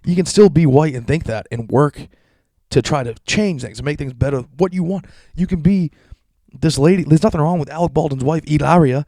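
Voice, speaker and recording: A man's voice: a little high, a little fast, dry recording, clean studio sound. Profanely ranting young man. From Massachusetts. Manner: crude, animated, sarcastic, heavy swearing.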